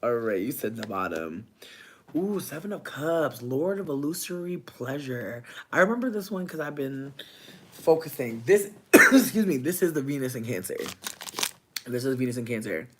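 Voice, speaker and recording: Guy reading tarot on a livestream, slangy and loose, middle pitch, laughs loud then goes soft. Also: big pitch swings, normal speed, slight background noise. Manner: loose slangy chatter that swings between bursts of loud laughter and soft asides. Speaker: tarot reader.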